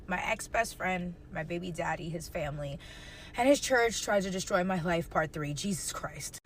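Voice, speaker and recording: A woman's voice: lowish voice, lively intonation, normal speed, a little hiss or hum, rough recording. A young woman telling a painful personal story to camera, emotional and close to tears, swearing and repeating herself.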